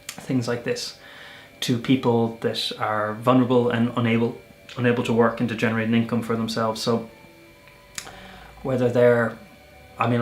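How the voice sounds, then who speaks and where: A young Irish man telling travel stories in a casual vlog, chatty and animated, often restarting his sentences. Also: mid-range voice, echoey room. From Ireland. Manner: chatty, animated storyteller with self-corrections. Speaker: volunteer vlogger.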